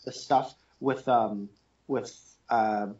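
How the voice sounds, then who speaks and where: A man's voice: medium pitch, fairly even intonation, takes it slowly, a little mellow. A man co-hosting a podcast, talking eagerly and rambling with lots of fillers about a TV episode. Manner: enthusiastic, rambling with many fillers. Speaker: podcast co-host. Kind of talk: casual TV discussion chat. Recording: muffled lo-fi podcast audio.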